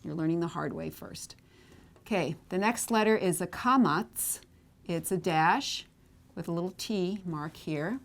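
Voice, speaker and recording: Slow, patient woman teaching at a board. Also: fairly low pitch. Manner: patient, repeats sounds slowly and asks "okay?". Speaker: Hebrew teacher. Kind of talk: whiteboard lesson.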